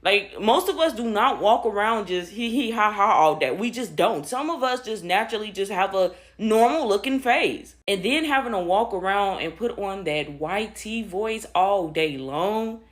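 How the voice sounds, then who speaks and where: A woman's voice: medium pitch, animated, moderate pace, few pauses. A woman ranting casually to camera, slangy and exasperated, calling the listener "bro". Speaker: social media commentator.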